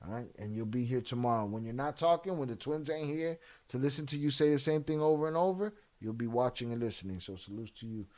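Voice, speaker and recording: A man hosting a casual livestream, reading chat shout-outs in slangy, profane talk and flaring into heated rants. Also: medium pitch, fast, few pauses. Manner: flares up into heated, cursing rants. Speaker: livestream host.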